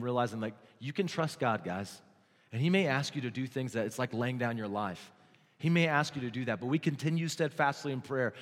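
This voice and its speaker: A man preaching a sermon as pastor, swinging from hushed, low passages to loud, excited stretches. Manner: dynamic, swings from hushed to shouting. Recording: long hall reverb.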